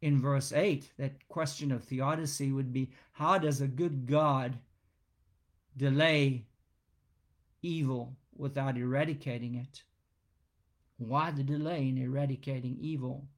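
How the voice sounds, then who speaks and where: A man preaching an expository sermon, emphatic and deliberate, repeating phrases for stress. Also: medium pitch, steady tone.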